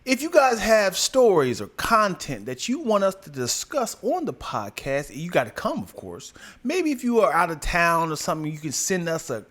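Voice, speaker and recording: A man co-hosting a podcast in casual chat, an animated storyteller who slips into loud impressions. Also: high voice, normal speed. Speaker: podcast co-host.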